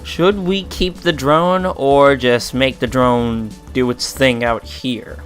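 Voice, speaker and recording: A man's voice: medium pitch, fairly even intonation, slow pace, a bit bright, faint music behind. A man doing casual live-stream commentary while playing a game, playful and self-mocking. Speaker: Twitch streamer. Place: home streaming setup.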